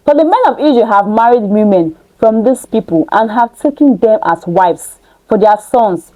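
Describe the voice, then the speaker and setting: Woman Bible teacher, reads scripture then preaches with emphatic rhetorical questions, warm and slightly high. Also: expressive, normal speed, poor audio. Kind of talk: scripture reading with preaching commentary.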